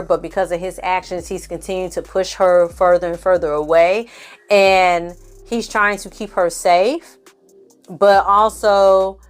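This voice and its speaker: A woman recapping a TV series in a casual, opinionated and slangy way. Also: lowish voice. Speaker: film and TV recap reviewer. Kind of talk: casual review chat.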